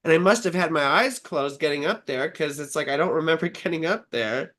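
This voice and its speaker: A woman's voice: low voice, fairly quick. Profane, chatty woman hosting a livestream. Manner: profane, chatty, animated storytelling. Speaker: astrologer host. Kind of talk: casual live-stream chat.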